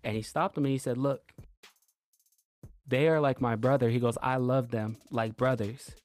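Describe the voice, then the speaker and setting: A man co-hosting a podcast, telling a long story in a relaxed way and acting out what others said. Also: mid-range voice, normal speed, soft background music. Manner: laid-back storytelling, retelling quotes. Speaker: podcast co-host. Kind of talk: casual chat.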